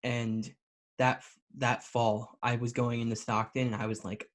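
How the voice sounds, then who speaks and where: A man in his twenties co-hosts a podcast in casual conversation. His voice sits at an average pitch, and he tells his story in an easy, relaxed way. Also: unhurried. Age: 20s. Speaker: podcast co-host.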